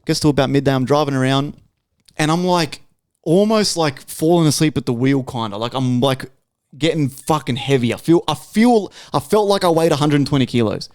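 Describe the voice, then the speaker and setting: A man's voice: a little high, expressive, brisk, darkish tone, no room sound, studio quality. A young Australian man hosting a podcast, telling a long story in casual, swearing chat. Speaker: podcast host.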